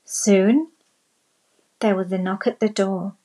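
A woman narrating a children's storybook in a slow, deliberate reading voice. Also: medium pitch, steady tone, dark tone, poor audio.

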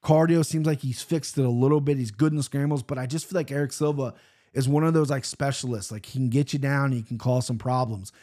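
A man in a mid-range voice rambles through his betting picks in loose, profane chat. He talks bluntly and drifts off on tangents, and he swings between loud bursts and quiet asides. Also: medium pitch. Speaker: podcast host picking fight bets.

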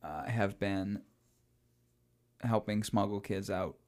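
A man's voice: fairly low pitch, takes it slowly, a little mellow. A young man co-hosting a casual podcast about old films, chatty and giggly, with plenty of ums and trailing thoughts. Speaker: podcast co-host. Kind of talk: casual film discussion.

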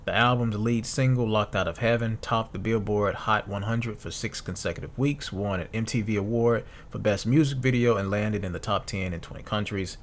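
Guy in his 30s doing a solo podcast, real low voice, chill and reflective, lots of ums, faint room hum behind. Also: steady tone, moderate pace, hardly any pauses. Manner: casual and reflective, reads notes aloud with fillers and restarts. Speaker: podcast host.

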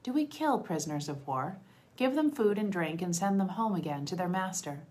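A woman reading the lines of a steady, commanding old male prophet in a plain, calm voice. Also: lowish voice, moderate pace, natural voice.

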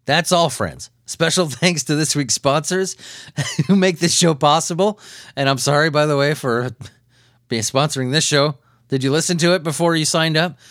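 A man's voice: a little high, moderate pace, a bit bright, dry recording, clean studio sound. A man hosting a comedy news podcast, riffing on stories in a loose, profane, rambling way with frequent chuckles. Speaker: podcast host.

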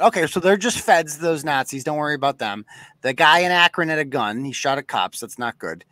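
A man's voice: on the high side, expressive, brisk, sharp tone, dry recording. A man hosting a live podcast, ranting sarcastically and cursing freely. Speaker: host.

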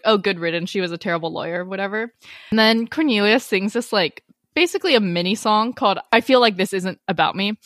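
Woman co-host, easygoing recap voice, mid pitch, dry close sound. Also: dry recording. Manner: relaxed, filler-heavy storytelling. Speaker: podcast co-host. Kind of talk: casual chat recapping a TV show.

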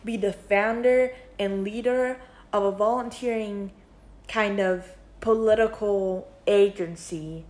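A woman's voice: mid-range voice, roomy sound. A young woman vlogging, thinking aloud in a rambling, casual way with many fillers. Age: young adult. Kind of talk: casual reflective monologue.

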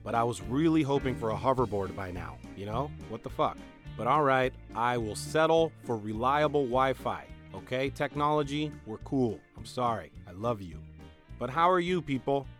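A young man hosting a podcast, doing a sarcastic comedic monologue that swings between loud bits and mumbled asides. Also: medium pitch, expressive, normal speed, faint music behind. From Mexican-American. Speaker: podcast host.

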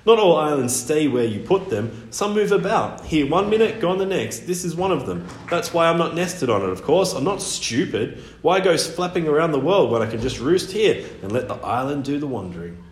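A man voicing a grumpy old male albatross with a creaky, crotchety, condescending voice, pitched well above his own. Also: sing-song, normal speed, hardly any pauses. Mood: haughty. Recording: echoey room, faint hiss.

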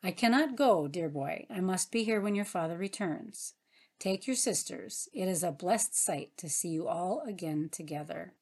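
A woman reading the part of a gentle, loving mother who speaks calmly to her son. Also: fairly low pitch, normal speed.

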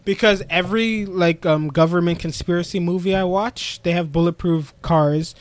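Animated man recapping with character voices. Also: sits high, normal speed, no echo. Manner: animated storyteller acting out characters' lines. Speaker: podcast co-host. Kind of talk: casual chat recapping an anime episode.

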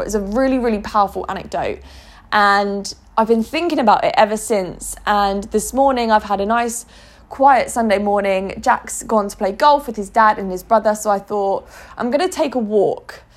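A woman's voice: mid-range voice, normal speed. A woman talking to camera in an earnest, emotional vlog monologue, often restarting her sentences. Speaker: vlogger.

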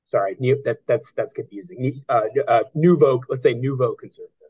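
Halting man with many restarts. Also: medium pitch, a little mellow, slightly rough, muffled recording. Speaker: novelist being interviewed. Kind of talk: conversational interview.

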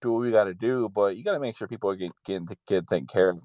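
A man's voice: on the low side, very fast, darkish tone, dry recording. A man from California ranting in casual, heavily profane chat over a video call. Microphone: video call over the internet.

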